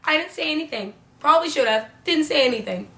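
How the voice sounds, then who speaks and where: A young woman tells a story to camera in a chatty vlog style, peppering her sentences with "like" and casual swearing. Her voice is bright and sits a little high. The room echoes noticeably, with a faint hum underneath. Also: expressive, fast. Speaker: vlogger. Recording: roomy echo with faint hum.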